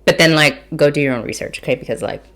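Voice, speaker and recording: Low-voiced chatty woman in her thirties. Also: fast, a bit bright. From Mission, Texas. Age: 30s. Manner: chatty, swears freely, self-mocking; eating and tasting while talking. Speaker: podcast host. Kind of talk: casual chat about food and wine.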